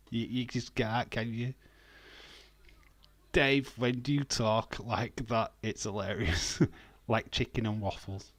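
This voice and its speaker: A man's voice: lowish voice, a little slow, no room sound. A man hosting a live stream, chatting casually with viewers, teasing them and chuckling as he reads out their comments. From England. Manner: teasing, chuckling, banters with chat, muses aloud.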